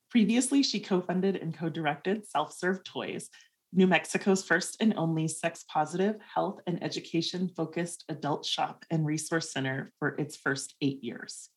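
A woman co-hosting a podcast, reading an intro and asking questions in an upbeat way. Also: low voice. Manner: upbeat, laughs easily. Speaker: podcast co-host. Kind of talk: read introduction, then casual chat.

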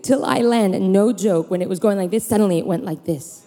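A woman preacher in her thirties telling personal stories in an animated sermon, acting out voices and leaping in pitch. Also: a little fast. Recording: long hall reverb.

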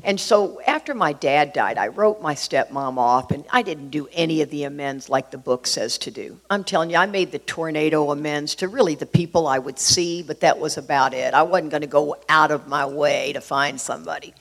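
A woman's voice: low-pitched, normal speed, few pauses. A middle-aged woman from Texas, sharing a personal recovery story in an earnest, conversational way with many fillers. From Houston, Texas.

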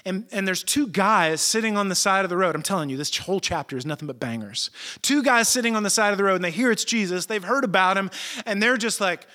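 Guy preaching, slangy animated storytelling, slightly high voice. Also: quick pace. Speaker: pastor. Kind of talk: sermon.

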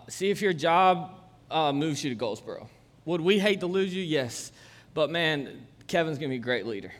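A man's voice: a little high, fairly bright tone. A man, preaching a casual, conversational sermon full of jokes and chatty asides. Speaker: pastor. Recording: long church-hall reverb.

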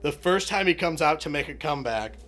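A young man in casual podcast banter, profane and animated, acting out movie scenes for laughs. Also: a little high, fairly quick. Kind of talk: casual chat.

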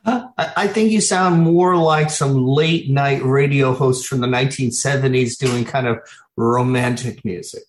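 A man's voice: mid-range voice, moderate pace, slight background noise. A man speaks as a guest commentator, his voice carrying the reverb of an echoey room. He argues in an emphatic, insistent manner, repeating phrases to drive his points home. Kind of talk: opinionated commentary.

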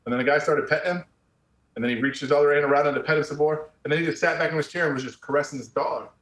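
He speaks at a racing pace in a slightly high, fairly bright voice that stays steady in tone. The middle-aged army veteran tells his story bluntly during casual interview talk, conversational and frank, with "man" and an occasional curse; the recording sounds roomy and echoey.

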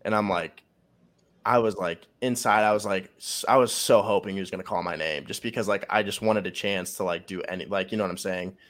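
A man's voice: low-pitched, a little fast, fairly bright tone. A young man, a college football player, casually telling a long story in a rambling, profanity-laced way full of fillers. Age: young adult.

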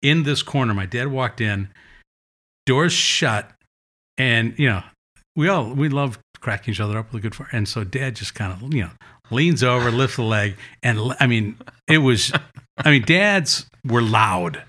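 Bright-voiced man telling funny stories. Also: mid-range voice, normal speed. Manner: animated anecdotes, acting out quotes. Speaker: guest. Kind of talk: casual storytelling.

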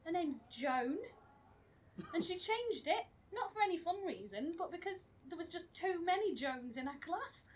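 A woman's voice: very high-pitched, animated, normal speed, distant mic, slight background noise, poor audio. A young woman presenting a comic segment, chatty and self-mocking with frequent giggles. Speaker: panel presenter.

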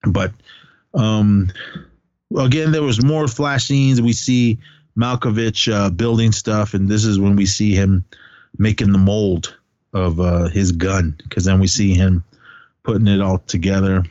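A man with a lowish voice talks through a film plot in a loose, rambling way, stopping and restarting and swearing offhand. The sound is dry and a little dull, like lo-fi podcast audio. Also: steady tone, measured pace, a little mellow, dry recording. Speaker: podcast co-host. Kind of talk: casual movie recap.

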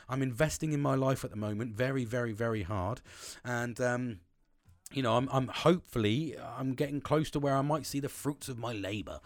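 A man talks into a close podcast mic in a small wooden shed. He rambles bluntly, swears often and restarts sentences. The sound is dry, with no room echo, and his pitch sits in the middle. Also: normal speed. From England. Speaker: podcast host. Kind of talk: casual solo podcast monologue.

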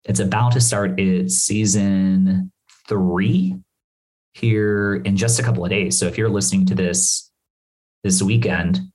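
A man casually recapping a TV episode on his podcast, rambling and animated, with asides and swearing. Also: low-pitched, a little slow, rough recording.

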